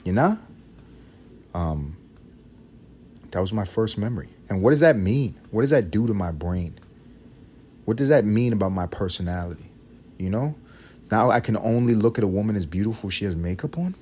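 Husky new guy on his podcast, low voice, cussing and ranting about his kid. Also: normal speed, pauses often. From New York. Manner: profane, animated, exasperated. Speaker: podcast host. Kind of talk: casual storytelling monologue.

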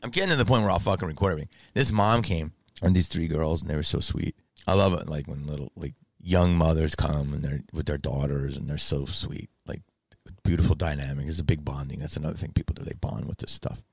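Low gravelly man ranting casually. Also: fast talker, no echo. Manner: profane, rambling storytelling. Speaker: podcast host. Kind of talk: casual monologue.

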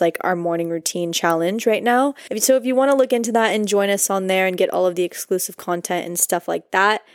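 A woman's voice: on the low side, no echo, studio quality. Giggly chatty woman podcaster. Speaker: podcast co-host. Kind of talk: casual chat.

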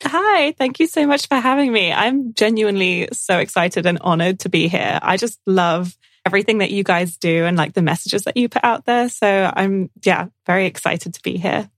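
A woman's voice: medium pitch, normal speed, few pauses, dry recording, studio quality. A young British woman from the UK, a podcast guest telling her story in a chatty way, laughing often. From United Kingdom. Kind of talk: casual interview chat.

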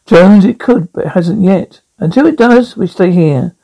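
A man's voice: sits high, animated, a little slow, vocal fry, dark tone, no echo, full character voice. A man voicing a stubborn male official, reading in a firm, clipped way.

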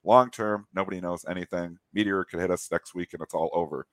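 On a laid-back show about stocks, this middle-aged co-host walks through his trades and shares strong opinions. His low, nasal voice is fairly bright and fairly even in intonation, he speaks fairly quickly, and the audio is dry.

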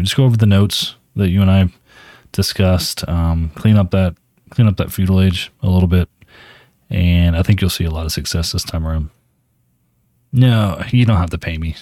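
A low-pitched man with a dark, mellow tone, holding a breezy, self-important phone call in a comedy skit. He stumbles through ums and restarts as he talks. The recording is dry and close. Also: no echo. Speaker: podcast host doing a comedy phone skit.

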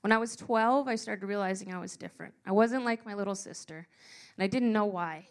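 Earnest young woman telling her story. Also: medium pitch. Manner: earnest, emotional, slows for emphasis. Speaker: speaker sharing a personal story. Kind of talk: personal storytelling talk.

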